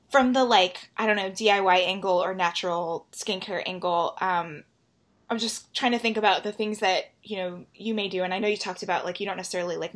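A woman's voice: medium pitch, fairly bright tone. A woman hosting a casual podcast interview, chatty and enthusiastic, asking long rambling questions. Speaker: podcast host.

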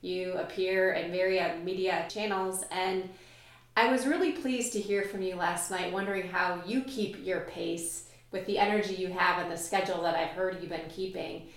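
A woman hosting a podcast interview, who asks her guest questions in an appreciative, measured way. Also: on the low side, steady tone. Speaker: podcast host. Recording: very echoey room recording.

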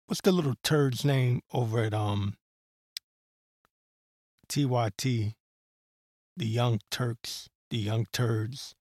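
A male podcast host gives solo political commentary in a medium-pitched, darkish voice, talking slowly with frequent pauses. His delivery is rambling and heated, with profanity and lots of fillers. It's recorded at studio quality with no echo.

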